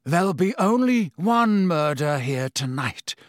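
A man voicing a gaunt, menacing escaped prisoner with a hoarse, rusty voice, speaking slowly and quietly in an audiobook. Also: fairly high pitch, big pitch swings, no room sound, studio quality. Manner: slow, quiet, grimly taunting. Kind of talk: audiobook character voice.

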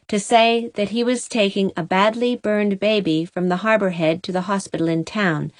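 A woman's voice: fairly low pitch, no room sound. Woman reading an audiobook in a dry voice. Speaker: narrator. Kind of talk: audiobook narration.

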